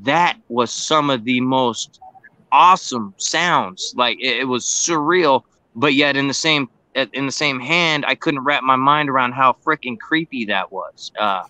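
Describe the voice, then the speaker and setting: A man with a sharp, forceful tone speaks reflectively in a casual chat, hunting for words as he goes. His voice sounds dry and close, with no room around it. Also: medium pitch, a little slow, dry recording, rough recording. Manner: reflective, searching for words with restarts. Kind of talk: casual live-stream chat.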